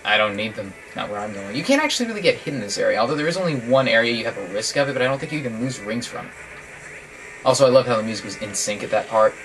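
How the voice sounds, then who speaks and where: A man casually commentating while he plays a video game, chatty and joking with sudden excited yelps. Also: medium pitch, very fast. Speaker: guest player commentating. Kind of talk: casual let's-play commentary. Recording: from a distance with game music behind.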